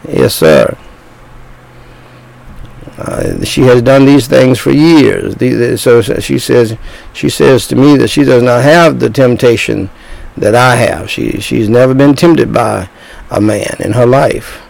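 A man's voice: medium pitch, takes it slowly, creaky, darkish tone, poor audio. An older man in his sixties preaching a sermon as a pastor, talking in bursts with repeated words and restarts.

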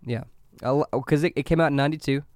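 A man's voice: on the high side, steady tone, fast, darkish tone, clear, resonant tone, no room sound, clean studio sound. A man in his twenties co-hosting a casual podcast about movies, laughing often and stumbling over repeated words. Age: 20s. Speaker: podcast co-host.

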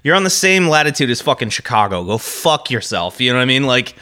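A man's voice: medium pitch, sing-song, fast, sharp tone. A man from the Midwest co-hosting a podcast, chatting casually and ranting with heavy profanity and frequent laughter. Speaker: podcast co-host.

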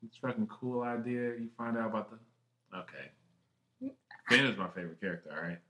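A man co-hosting a podcast, chatting excitedly with lots of swearing, jumping from one thought to the next. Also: fairly low pitch, moderate pace, dull audio. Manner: excitable, heavy swearing, jumps between thoughts. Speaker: podcast co-host. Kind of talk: casual chat. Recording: roomy echo.

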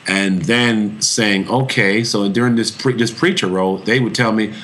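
Low-voiced man, earnest and reflective. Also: fairly even intonation, normal speed, a bit bright. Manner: earnest and thoughtful, often restarting phrases. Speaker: actor talking about his voice. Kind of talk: reflective interview answer.

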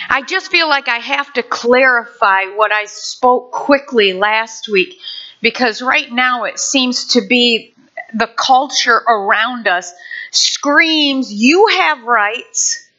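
A woman preaching an animated sermon, full of acted-out scenes and exclamations. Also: fairly high pitch, lo-fi sound.

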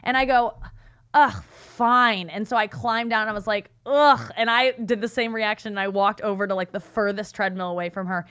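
A woman co-hosting a podcast talks fast with few pauses in a clear, resonant, mid-range voice. She tells a story in casual chat, animatedly acting out the voices of those in it.

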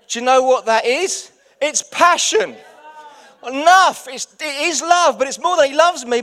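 A man, a pastor, preaching a lively sermon full of anecdotes, dropping to quiet asides and then rising to loud outbursts. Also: very high voice, moderate pace.

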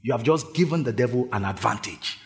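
A male pastor delivering a sermon, calling out to the congregation and urging them to shout back. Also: mid-range voice, expressive, brisk. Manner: call-and-response preaching, urging the congregation to shout. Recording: long hall reverb.

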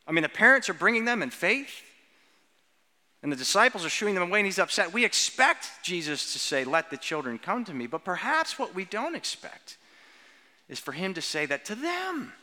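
A man preaching a sermon with earnest emphasis, slowing down on key words and putting questions to the children. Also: sits high, big pitch swings, pushed and bright. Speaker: pastor. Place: church sanctuary. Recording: long church reverb.

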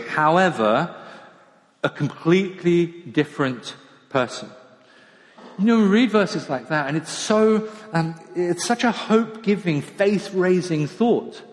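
Preacher in a reverberant church. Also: male voice, a little high, expressive, moderate pace. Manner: conversational, self-deprecating, with quiet asides. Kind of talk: sermon. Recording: long church hall reverb.

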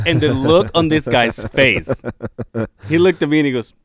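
A man's voice: on the high side, moderate pace, dry recording, clean studio sound. A man co-hosting a podcast, telling crude, joking stories in casual chat. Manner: crude, joking storyteller with lively swings. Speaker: podcast co-host.

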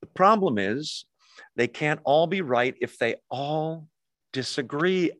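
A man's voice: on the high side, lively intonation, slow, fairly bright tone, dry recording. A man preaching a sermon in a conversational way, often putting questions to his listeners. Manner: conversational, asks the audience questions. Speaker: pastor.

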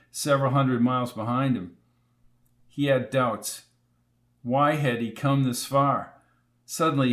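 A man narrating a novel as an audiobook in a steady, even storytelling voice. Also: mid-range voice.

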